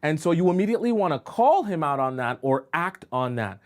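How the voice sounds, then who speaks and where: A man coaching viewers on dating during a livestream, spinning an extended story to make his point. He keeps checking in with the listener as he goes, and his voice sits a little above a typical male pitch. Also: very animated, a little fast, darkish tone. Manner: storytelling, with frequent "okay?" and "right?" check-ins. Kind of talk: livestream advice talk.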